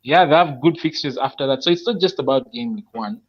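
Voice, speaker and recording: A man explains his reasoning in a relaxed online chat, working through it step by step and pausing often to think. His voice sits in an ordinary middle range, and the recording sounds slightly dull and lo-fi. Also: mid-range voice, husky. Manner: thinks aloud, explains picks step by step with many pauses. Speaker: panelist presenting his fantasy football team.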